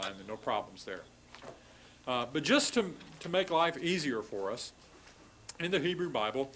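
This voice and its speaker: A man giving a recorded classroom lecture on grammar, explaining patiently, sounding out word forms slowly, and apologizing wryly for irregular forms. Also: medium pitch, slight background noise, poor audio. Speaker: language instructor.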